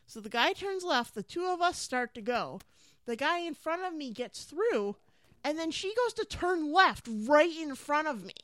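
A mother tells a driving story in quick, profane bursts and gets louder as she goes. Her voice sits a little high. The sound is dry and close, with no room echo. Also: very animated. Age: adult parent. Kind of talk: casual chat.

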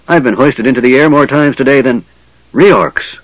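A man voicing an agitated male dwarf who exclaims loudly in alarm. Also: medium pitch, normal speed, no room sound, highs cut off, voice pushed up, close to an everyday voice.

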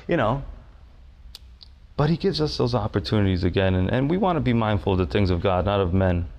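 A man preaching a sermon in a loose, conversational way, full of fillers and restarts, dropping low and slow to stress a point. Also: expressive, lo-fi sound. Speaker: pastor.

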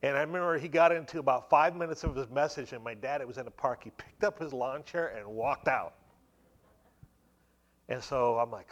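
A man's voice: mid-range voice, moderate pace. A man in his forties shares a personal testimony with a church congregation. He talks like he is telling a story to friends and fills it with many casual asides. His voice sits in an ordinary middle range. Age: 40s. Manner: conversational storytelling with many fillers. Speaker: speaker giving a testimony at church. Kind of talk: sermon testimony.

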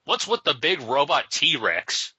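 A man reading aloud and voicing a cocky, questioning teenage boy sidekick, a bit higher than his own voice. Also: sing-song, slow, sharp tone, breathy edge, no room sound, full character voice. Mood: incredulous. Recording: slightly dull lo-fi sound.

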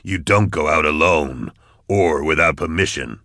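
A curt soldier who snaps out short, clipped orders in a low, firm voice, as a deep-voiced male narrator puts him on. The reading is dry and close, like a storybook. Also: unhurried, bright, forceful tone, dry recording, heavily acted. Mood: irritated.

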